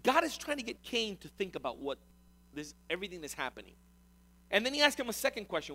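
A man preaching a sermon as pastor, animated and conversational, often repeating words and speaking directly to the congregation. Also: high voice, quick pace.

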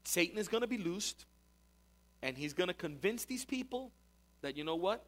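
In a recorded talk to his congregation, a pastor delivers a conversational sermon, repeating words as he explains his points. His voice is high and fairly bright, very animated, and moves at a normal speed.

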